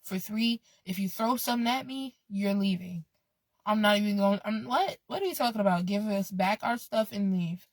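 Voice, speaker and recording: A woman's voice: mid-range voice, animated, normal speed, no echo. A woman vlogging in a casual, rambling way, laid-back, swearing freely and drifting off on tangents. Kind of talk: casual rambling vlog talk.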